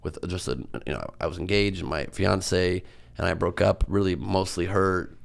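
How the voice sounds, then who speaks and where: A man's voice: sits low, fairly even intonation, moderate pace, vocal fry. A man, a comedian guest on a podcast, telling stories in a rambling, self-mocking way with lots of fillers. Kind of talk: casual podcast storytelling.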